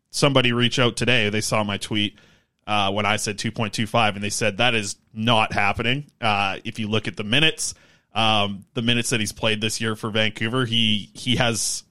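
A man's voice: mid-range voice, bright, forceful tone. A man co-hosting a casual sports podcast, working through stats and contract numbers. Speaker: podcast co-host.

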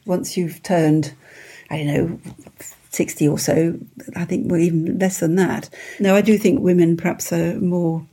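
A woman in her seventies from England answers interview questions in a low, mellow voice. Her tone is husky. She talks in a soft-spoken, measured and self-deprecating way. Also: level tone. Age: 70s. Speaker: interview guest. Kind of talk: conversational interview.

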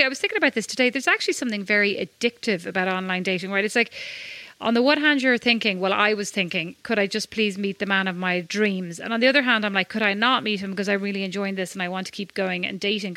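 A woman's voice: mid-range voice, rapid-fire, bright, forceful tone, no echo. A woman from Ireland co-hosting a podcast, telling chatty, self-mocking stories in casual conversation. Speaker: podcast co-host. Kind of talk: casual chat.

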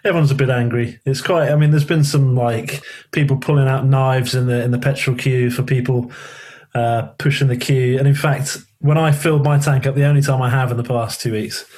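A man's voice: mid-range voice, steady tone, a little fast, darkish tone. A man with a Southern English accent and slight Liverpool traces, chatting casually as a guest and telling stories, swearing now and then. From England, born in Liverpool, raised in London. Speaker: guest musician. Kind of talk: casual conversation.

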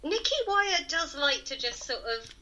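A woman co-hosting a podcast in casual chat, giggly and quick to laugh at her own bad puns. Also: sits high, lively intonation, bright, forceful tone, slight background noise, poor audio. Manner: giggly, self-mocking about her puns. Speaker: podcast co-host.

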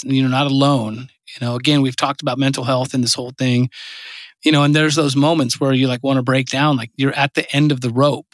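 Podcast host, adult man, mid-pitched, earnest and encouraging, dry sound. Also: fairly bright tone, no echo. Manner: earnest, encouraging, filler-heavy. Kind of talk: casual chat.

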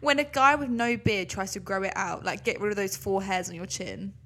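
A woman's voice: medium pitch, brisk, a bit bright. Young woman co-hosting, blunt and chatty. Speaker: podcast co-host. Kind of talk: casual chat.

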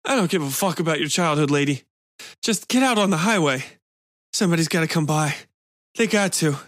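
A man's voice: high-pitched, fairly even intonation, moderate pace, a bit bright, no room sound, clean studio sound, pitched above the performer's own voice. A man doing a desperate injured stranger. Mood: pleading. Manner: pleading, strained, gasping.

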